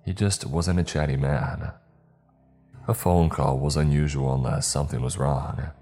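A man narrating a story in a measured, somber way. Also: a bass voice, fairly even intonation, mellow. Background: faint music.

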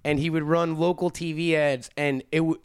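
A man's voice: fairly high pitch, little pitch movement, normal speed, clean tone. A man from Long Island, hosting a podcast in jokey, rambling banter. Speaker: podcast host. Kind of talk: casual chat.

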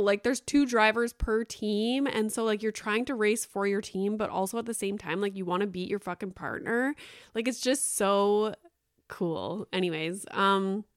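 Chatty woman podcaster with a smooth voice. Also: on the high side, dry recording, clean studio sound. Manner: rambling, filler-heavy, swears casually. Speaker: podcast host. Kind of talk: casual solo chat.

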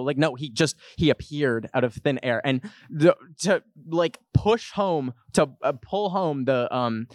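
A young man hosting a podcast, telling a comic story to a live audience in an animated, jokey way. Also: a little slow, no room sound, clean studio sound. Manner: animated, jokey, puts on high voices for quotes. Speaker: podcast host.

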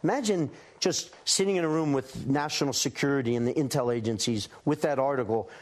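A man giving earnest, deliberate answers as a guest in a television interview. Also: mid-range voice.

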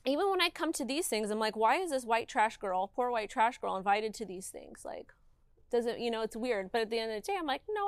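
A woman's voice: on the high side, clean tone, no room sound. Candid, emphatic woman interview guest. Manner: emphatic, animated, heavy use of "like".

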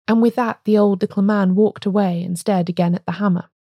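A woman podcast host reading a classic story aloud in a measured way. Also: mid-range voice, fairly even intonation, dark tone, dry recording, studio quality.

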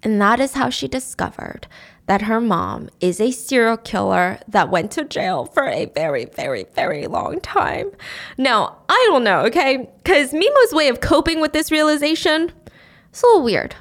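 Female host, casual plot recap, slightly high voice, dramatic character voices. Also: normal speed. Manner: animated, acts out character lines in high voices.

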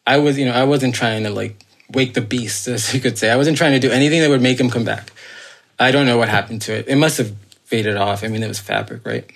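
A man's voice: medium pitch, fast, vocal fry, a bit bright. A man telling his own strange encounter as a podcast guest, in a loose, rambling way full of fillers, restarts and earnest asides. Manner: earnest, insistent. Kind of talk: casual spoken storytelling.

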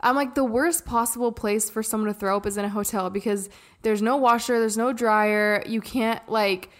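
A woman in her thirties, co-hosting a podcast, telling a family story in a lively way, laughing often and jumping in to finish her partner's sentences. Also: a little high, normal speed. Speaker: podcast co-host. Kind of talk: casual storytelling.

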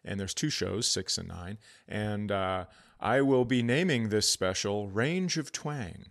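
A man's voice: on the low side, lively intonation, measured pace, gravelly, fairly bright tone. A man, a comedian co-hosting a podcast, talking in a rambling, self-deprecating way. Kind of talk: casual comedic chat.

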